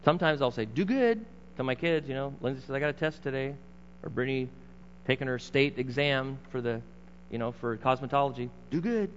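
A man's voice: mid-range voice, level tone, fast talker, a little hiss or hum. A middle-aged male pastor delivering a conversational, emphatic sermon with asides to the congregation. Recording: muffled sound in a large reverberant hall.

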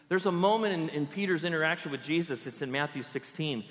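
A pastor giving an animated sermon, often acting out the people he quotes. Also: a little high, quick pace, few pauses, big-room sound. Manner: animated, acts out quoted voices in character.

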